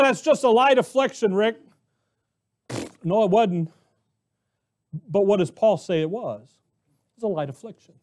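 A man's voice: very high-pitched, a little mellow. A man preaching a sermon as pastor, emphatic, asking rhetorical questions and repeating phrases as he builds his point. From Arizona, US.

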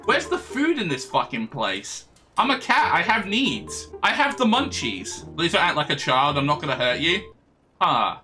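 A man's voice: a little high, big pitch swings, normal speed, pushed and bright, faint music behind. A man commentating a let's play on stream, joking, swearing and bantering with the characters through a desk mic. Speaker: gaming streamer.

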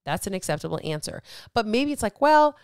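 In a fast, clean, medium-pitched voice with big pitch swings, a female weight loss coach delivers a casual podcast monologue. She motivates her listeners directly with blunt emphasis and plenty of swearing, in a dry, studio-quality recording.

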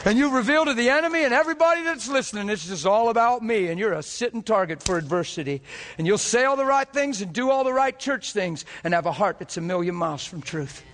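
A man preaches from the pulpit with a high, ringing voice. He drives his points home in rapid bursts that swell toward near-shouting peaks. The sound carries the air of a church sanctuary. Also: animated, in a large hall, slight background noise. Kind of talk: sermon.

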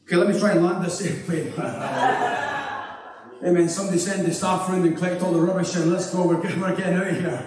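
A Glaswegian man preaching a fervent sermon as pastor, repeating his lines in rising call-and-response and often breaking into shouts. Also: sits high, steady tone, fairly quick, crowd noise. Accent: Glaswegian Scottish. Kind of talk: impassioned sermon. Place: large church hall. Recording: echoey hall, distant mic, congregation. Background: congregation responding.

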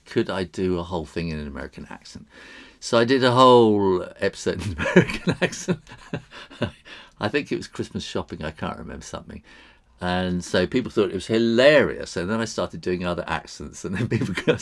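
A man's voice: low voice, animated, brisk, creaky. A man hosting a live drawing stream, chatting with viewers as he works. He talks in a rambling way, chuckles often and uses many fillers.

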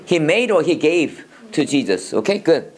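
Rapid-fire male Bible teacher. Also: on the high side, sing-song, a crowd in the background. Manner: drills students with repeated questions, fast switching between languages. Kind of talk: classroom Bible lesson mixing Korean and English.

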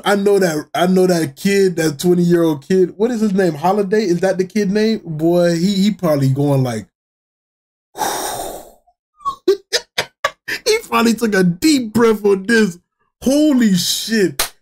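A man hosting a sports reaction video, talking casually, laughing and swearing as he reacts. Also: fairly high pitch. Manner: excitable, laughing, swearing freely. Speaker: reaction channel host.

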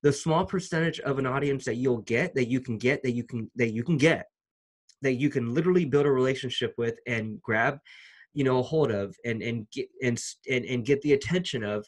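An excited man talks straight to his viewers in a loose, slangy vlog style. His voice sits at an ordinary middle pitch, and he piles up restarts and casual filler as he gets fired up. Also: brisk. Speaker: YouTuber. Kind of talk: casual vlog talk to camera.

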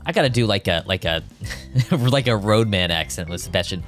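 A low-voiced man chatting over his gameplay, with his pitch swinging widely as he jokes and reacts. He is excitable and slangy, with the odd swear. Soft game music runs underneath. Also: normal speed. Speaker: game streamer. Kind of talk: casual gameplay commentary.

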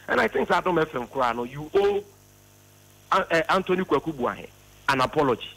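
A man's voice: fairly high pitch, expressive, fairly quick, creaky, a bit bright, low-quality recording. A Ghanaian man arguing a political point on a radio call, emphatic and repeating words for stress. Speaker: party spokesman on a radio phone-in. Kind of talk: impassioned political argument.

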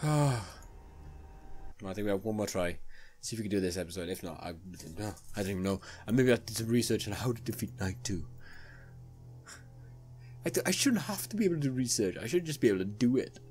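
A man's voice: on the low side, animated, a little fast, long pauses, darkish tone, faint music behind. A young man giving let's play commentary on a horror game, nervous and jumpy, pleading aloud with the game's characters. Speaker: gaming YouTuber.

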